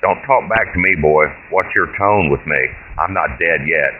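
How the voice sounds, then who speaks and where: A man's voice: sits low, moderate pace, lightly acted. A man voicing a frail, foul-mouthed, bossy old great-grandmother in a short story, speaking bluntly and commandingly. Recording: tinny phone-like line with hiss.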